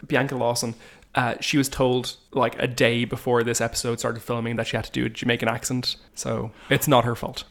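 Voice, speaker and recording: A man's voice: medium pitch, flat delivery, fairly quick. A man with an ordinary mid-range voice co-hosts a chatty podcast. He is wry and blunt, dropping casual curses into his remarks. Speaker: podcast co-host. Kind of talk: casual chat.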